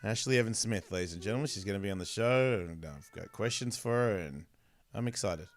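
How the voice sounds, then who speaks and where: A man's voice: on the low side, brisk. A man hosting a podcast in casual chat, rambling and swearing, often losing his thread. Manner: rambling, distracted and profane, loses his thread. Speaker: podcast host.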